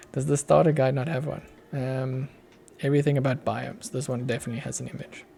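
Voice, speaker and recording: A man's voice: medium pitch, little pitch movement, fairly quick, creaky, dark tone, a little hiss or hum. A young Australian man on a casual live coding stream, muttering to himself as he works and chuckling now and then. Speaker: streamer, app developer.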